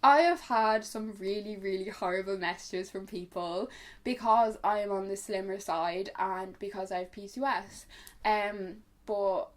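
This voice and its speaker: A young woman talking candidly to her viewers in a casual vlog, chatty, full of fillers and the odd swear word. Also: medium pitch. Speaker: vlogger. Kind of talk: casual chat to camera.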